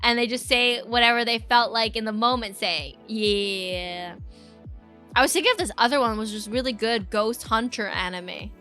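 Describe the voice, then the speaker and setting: A young adult woman chats casually on a live stream, her voice high and bright. She rambles easily from one thought to the next and answers viewers in a relaxed, chatty way. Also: normal speed, soft background music. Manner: chatty, rambling, reacts to chat with squeals and laughs.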